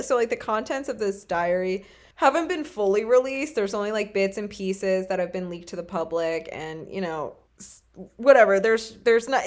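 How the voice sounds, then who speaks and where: A woman in her thirties hosts a loose podcast conversation. She rambles and swears freely, breaking into laughter often, in a mid-pitched voice. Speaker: podcast host. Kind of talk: casual chat.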